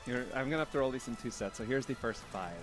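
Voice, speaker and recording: A man's voice: medium pitch, fast, faint music behind. Casual man playing a tabletop game. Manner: casual, describing actions with many likes. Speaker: player. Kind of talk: tabletop role-play.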